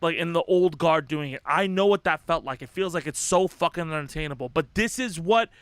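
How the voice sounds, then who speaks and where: Young male streamer, high bright voice, sweary and fired up, dry close sound, casual rambling delivery. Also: brisk, clean tone, no room sound. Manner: profane, impassioned, rambling with restarts. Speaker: livestream host. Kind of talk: casual livestream commentary.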